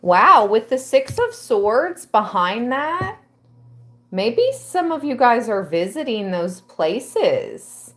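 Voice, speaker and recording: A woman giving a tarot reading to her viewers, reading aloud and musing with soft exclamations. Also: fairly high pitch, very animated, slow pace. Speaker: tarot reader.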